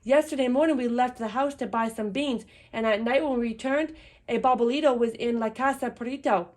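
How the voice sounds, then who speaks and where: A woman voicing a small, excited male chihuahua who chatters eagerly. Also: a little high, fairly quick, close to an everyday voice.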